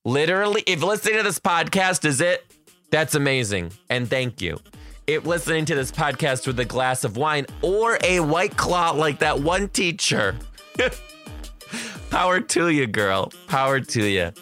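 A man's voice: fairly high pitch, expressive, moderate pace, sharp tone, soft background music. A man hosting his own podcast as a kindergarten teacher, chatting in an upbeat, playful way. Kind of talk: casual solo podcast chat.

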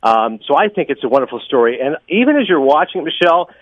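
A man talking about films on a podcast, fast and enthusiastic, with lots of opinions. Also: fairly high pitch, sing-song, no echo, muffled recording. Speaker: podcast guest, film critic. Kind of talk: casual podcast chat.

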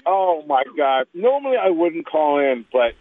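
A man calling a radio show, speaking with mock anger in an animated way. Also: a little high, a little slow. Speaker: caller. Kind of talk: phone-in call. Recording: tinny phone line.

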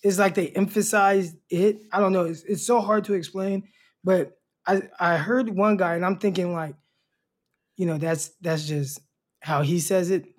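A man's voice: high voice, fairly even intonation, moderate pace. A man co-hosting a casual sports podcast, laid-back and stammering, often repeating his first words. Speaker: podcast co-host.

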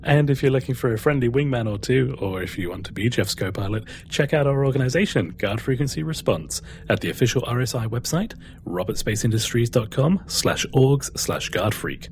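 A man's voice: medium pitch, expressive, fairly quick, darkish tone, a little hiss or hum. A man co-hosting a podcast, chatting playfully and reading the show's outro. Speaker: podcast co-host. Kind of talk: casual chat and show outro.

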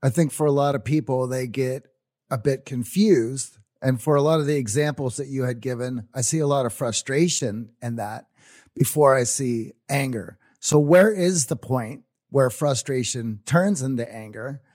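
A man hosts a podcast and puts thoughtful follow-up questions to his guest. The room is dry, with no echo, and his voice sits at a middle pitch. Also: moderate pace, darkish tone. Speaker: podcast host. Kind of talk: podcast interview.

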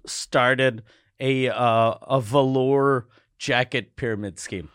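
A man's voice: mid-range voice, steady tone, slow pace, a bit bright, clear, resonant tone, no echo, studio quality. A man co-hosting a podcast who drops joking, teasing remarks into the chat. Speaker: podcast co-host. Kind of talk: casual podcast banter.

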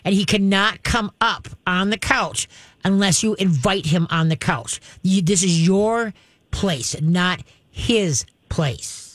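A woman's voice: mid-range voice, slow pace, dry recording. Woman radio host, direct and instructive, chatty advice voice, dry close sound. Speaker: radio show dog trainer host. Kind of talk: advice call-in talk.

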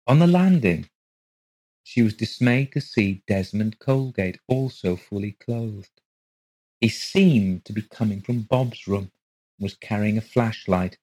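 Husky-voiced man reading a ghost story. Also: fairly low pitch, darkish tone, poor audio. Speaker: podcast narrator.

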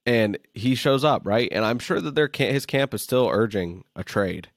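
A man co-hosting a sports podcast, talking in a relaxed, halting way with restarts. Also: medium pitch, dry recording. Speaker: podcast co-host. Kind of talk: casual sports chat. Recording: dry close-mic sound.

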